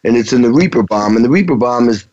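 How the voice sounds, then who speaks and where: A man's voice: mid-range voice, lively intonation, fast talker, a little mellow. A middle-aged man, a touring rock drummer, telling anecdotes in a casual interview, rambling with frequent restarts. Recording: dull lo-fi sound.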